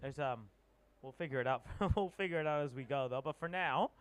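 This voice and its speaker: A man commentating live at a surf contest, talking quickly and chattily and often repeating his words. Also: mid-range voice, clear, resonant tone.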